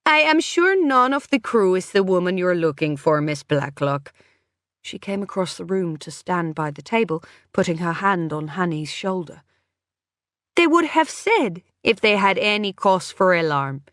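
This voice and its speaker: A woman's voice: lowish voice, very animated, normal speed, a bit bright, dry recording, clean studio sound. A woman voicing a poised, guarded female cruise manager who speaks formally, with slightly non-native phrasing. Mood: smoothly reassuring.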